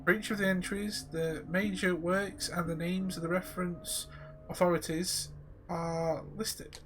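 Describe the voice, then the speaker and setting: A man's voice: sits high, flat delivery, measured pace, over music. A man casually commentating a live game stream, joking with viewers. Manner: casual, jokey, addresses viewers.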